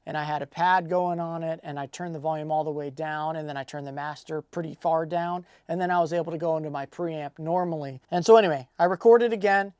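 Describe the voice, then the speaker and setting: A man in his thirties, a music producer, telling a story in a casual vlog with an animated, exasperated manner. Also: sits high, dry recording, clean studio sound. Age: 30s.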